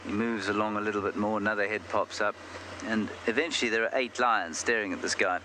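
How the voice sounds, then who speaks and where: Male safari host, lowish voice, chatty and wry, live outdoor feed with clear background noise. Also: steady tone, quick pace, pushed and bright. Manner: chatty, self-deprecating storyteller. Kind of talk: live safari commentary, casual chat. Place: outdoors in the bush, on a game drive. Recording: noisy outdoor live broadcast.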